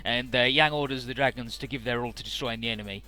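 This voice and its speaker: A man's voice: medium pitch, fairly even intonation, sharp tone, faint music behind. A man hosting a casual game playthrough, recapping the story and swearing casually. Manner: paraphrases dialogue in quick put-on snippets. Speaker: let's-play host.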